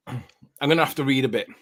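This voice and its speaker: Scouse man, brisk explainer, mid voice, online call. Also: mid-range voice, a little hiss or hum. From northwest England. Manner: brisk, explanatory, talking while eating. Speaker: guest presenter. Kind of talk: casual online debate chat.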